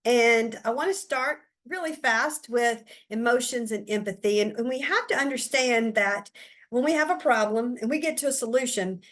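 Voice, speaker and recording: Her voice on the high side and her speed normal, a woman delivers an animated, chatty talk to the teachers she trains, speaking directly to them.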